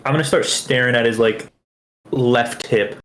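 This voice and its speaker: A man's voice: medium pitch, steady tone, normal speed, a bit bright. Man player asking questions playfully. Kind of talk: casual table talk.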